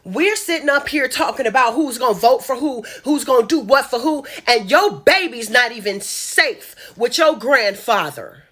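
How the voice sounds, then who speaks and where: Forceful impassioned woman from Chicago. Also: a little high, animated, moderate pace, few pauses. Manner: emphatic, repetitive, speaks straight to the audience. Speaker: social media commentator. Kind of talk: impassioned monologue to camera.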